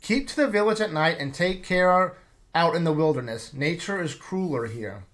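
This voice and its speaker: A man voicing an imposing older woman who leads a village, speaking in a measured, warning way while reading a game's story. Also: a little high, animated, fairly bright tone. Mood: stern warning. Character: imposing older female village leader, stern. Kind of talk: reading game story aloud.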